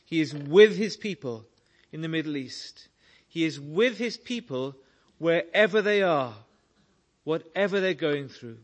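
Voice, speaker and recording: A man preaching a sermon, slow and earnest, telling stories to make his point. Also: fairly high pitch, lively intonation.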